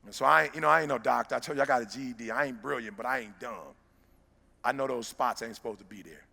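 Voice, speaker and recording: A middle-aged man, giving a motivational speech that swings from hushed storytelling to loud exhortation. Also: mid-range voice, fast talker, creaky. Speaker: motivational speaker. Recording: long hall reverb.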